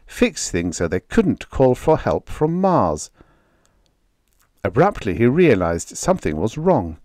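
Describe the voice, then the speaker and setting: A man narrating a vintage science fiction audiobook in an expressive, dramatic storytelling manner, close on a studio mic. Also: deep voice, no room sound.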